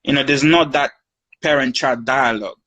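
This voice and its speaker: A man speaking as a guest in a live discussion, giving calm, earnest advice and now and then acting out conversations between a child and a parent. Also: medium pitch, moderate pace, low-quality recording. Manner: acts out parent-child conversations in quoted speech.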